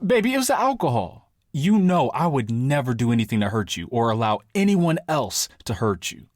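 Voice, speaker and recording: A man's voice: medium pitch, very animated, normal speed, darkish tone, no echo, clean studio sound, lightly acted. A man playing a pleading boyfriend who wants his girlfriend back, wheedling and apologetic.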